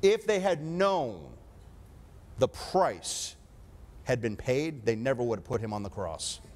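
A man's voice: medium pitch, expressive, slow pace, darkish tone. A man preaching a sermon with emphatic delivery, often calling for an amen.

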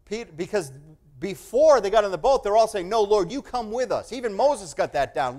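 A man with a high voice preaches a sermon. He swings from hushed asides to loud, emphatic passages. He acts out the voices of the people he quotes. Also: normal speed. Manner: animated, swings from quiet to loud.

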